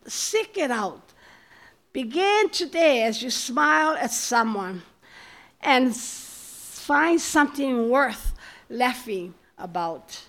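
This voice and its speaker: A woman's voice: high voice, animated, slow pace. A woman preaching a sermon, calling out praise and telling family stories. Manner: exhorting, rising to loud praise calls; storytelling with family anecdotes.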